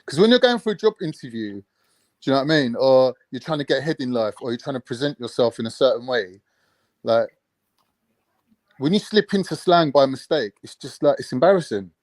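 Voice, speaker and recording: A chatty man whose pitch swings widely as he talks. He sounds jokey and easygoing, and his voice comes through dry and close, with no room around it. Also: animated, brisk, a little mellow, no room sound. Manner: chatty, jokey, switches into slang. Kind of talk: casual online panel chat.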